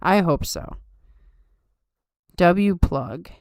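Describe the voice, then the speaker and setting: A woman's voice: lowish voice, expressive, extremely slow, a little mellow, no echo, clean studio sound. A woman hosting a casual live-stream chat, upbeat and chatty, reading comments aloud, tired late at night. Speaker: podcast host.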